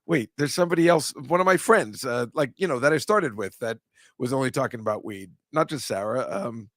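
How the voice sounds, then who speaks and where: A man's voice: mid-range voice, a little fast, fairly bright tone, no echo. A talkative man hosts a loose comedy chat show. He rambles and starts sentences over, and he keeps laughing partway through them. The sound is dry and close to the mic. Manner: rambling, chatty, self-interrupting with laughs. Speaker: comedian host. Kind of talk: casual chat.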